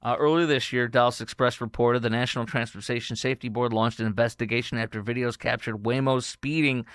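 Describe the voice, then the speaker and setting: A man hosts a talk show in a smooth, resonant voice. He reads news items aloud, then breaks off with incredulous asides. The sound is close and dry. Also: medium pitch, steady tone, fast talker, few pauses, a bit bright, no room sound. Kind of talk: casual news commentary.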